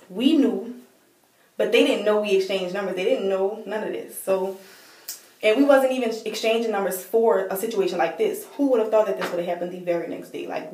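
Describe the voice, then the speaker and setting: Woman vlogger, casual storytelling, animated with lots of filler words, mid-pitched voice, set back from the mic in a roomy space. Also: recorded from a distance. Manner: animated, acts out quoted dialogue, many "like" fillers.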